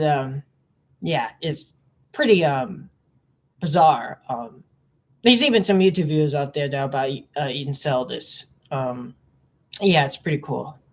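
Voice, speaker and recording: A woman giving a casual, rambling reaction commentary as a space fan. She is sarcastic, leaps into high disbelieving tones, and trails off into quiet mumbled fillers. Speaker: space enthusiast reacting to a film.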